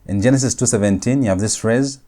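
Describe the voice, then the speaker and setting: Man, lecturer, low mellow voice, slow and deliberate with repetition. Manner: slow, deliberate, repeats words for emphasis. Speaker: Hebrew grammar teacher. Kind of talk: recorded lecture.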